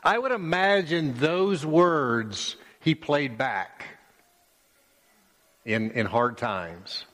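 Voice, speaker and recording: Male pastor delivering a sermon, unhurried and emphatic, in a church hall with long reverb. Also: mid-range voice, expressive, fairly bright tone. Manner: slow and emphatic, with many pauses and repeated phrases.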